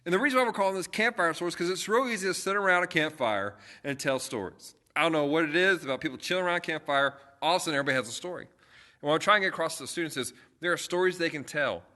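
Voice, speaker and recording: A young man, a youth pastor, talks on a casual livestream. His voice is notably bright and forceful, sitting slightly higher than most men's. He tells stories loosely, full of fillers and false starts. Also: lively intonation, racing. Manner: chatty storytelling with frequent fillers and restarts.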